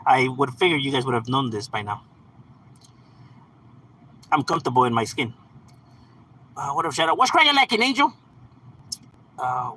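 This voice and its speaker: Husky, lively-voiced man chatting on a livestream. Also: on the high side, moderate pace, long pauses, rough recording. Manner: laid-back, laughing, slangy and profane. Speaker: livestream host reading chat. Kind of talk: casual live chat.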